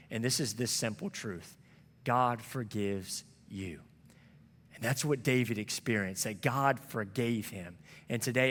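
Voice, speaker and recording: A man's voice: mid-range voice, long reverb tail. A man preaching a sermon as a pastor, telling a story in a conversational, earnest way. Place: church sanctuary.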